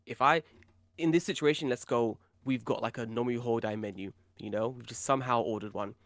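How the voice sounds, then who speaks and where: A British man co-hosting a podcast, chatting casually and telling animated stories with a lot of swearing. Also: medium pitch, brisk, no room sound. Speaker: podcast co-host.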